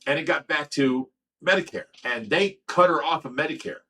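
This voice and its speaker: A man's voice: fairly high pitch, moderate pace, bright, forceful tone, far from the mic. Rambling man, a bit off-mic. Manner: rambling, stammering repeats, many fillers. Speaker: livestream host of a fish rescue. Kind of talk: casual livestream storytelling.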